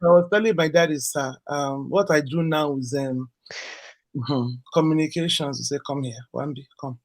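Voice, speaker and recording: A woman's voice: low-pitched, moderate pace. A middle-aged woman hosting a casual conversation, telling stories animatedly and laughing often. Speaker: host.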